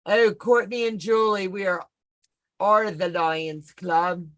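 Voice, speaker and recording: Woman host, mid pitch, relaxed casual chat on a video call. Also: slow, highs cut off. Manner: brief, affirming replies.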